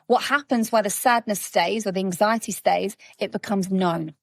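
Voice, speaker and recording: A woman coach in casual podcast conversation, animated and acting out little scenes as she explains. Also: medium pitch, moderate pace, creaky, dry recording, clean studio sound. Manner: animated storytelling, acting out quotes. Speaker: guest coach.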